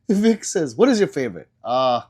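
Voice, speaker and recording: A man under the weather hosts a relaxed livestream and reads chat messages out loud one after another. His voice swings widely up and down. He coughs now and then and rambles through his answers with plenty of ums and uhs. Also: medium pitch, moderate pace, slightly rough. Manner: loose and rambling, with many fillers and trailing answers. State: sick, coughing. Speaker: livestream host. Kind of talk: casual livestream chat, reading viewer comments aloud.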